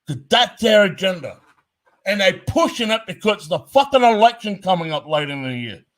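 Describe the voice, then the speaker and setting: Profane, ranting man with raised pitch. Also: sing-song, moderate pace. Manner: profane, blunt and emphatic. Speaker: commentator. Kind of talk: heated commentary rant.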